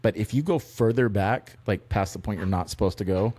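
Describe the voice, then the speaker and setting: A man on a podcast, describing things in a relaxed, matter-of-fact way. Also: on the low side, brisk. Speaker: podcast co-host. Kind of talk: casual chat.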